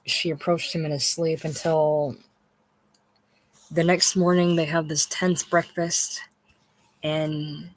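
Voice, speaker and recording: A person rambling about a novel in an unscripted monologue, halting and repeating words, circling back to a point and swearing for emphasis. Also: mid-range voice, no echo. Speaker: book discussion host.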